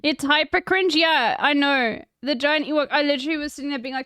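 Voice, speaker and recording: A woman's voice: sits high, brisk, hardly any pauses, a bit bright, dry recording, studio quality. A woman streaming, talking casually and bluntly with plenty of fillers and swearing as she reacts to a video.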